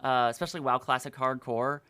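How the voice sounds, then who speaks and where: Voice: medium pitch, fairly even intonation, a little fast, sharp tone, clear, resonant tone. A podcast guest chatting casually and with animation about games, with many fillers and restarts.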